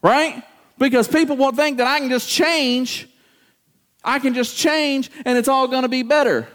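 A man's voice: very high-pitched, normal speed. A man preaching a sermon to a congregation, acting out everyday voices and asking the room questions. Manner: animated, acts out quoted voices, talks to congregation.

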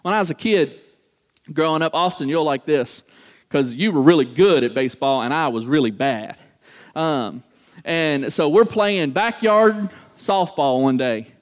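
A man's voice: on the high side, measured pace. A man preaching a sermon to a congregation, acting out everyday voices and asking the room questions. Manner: animated, acts out quoted voices, talks to congregation.

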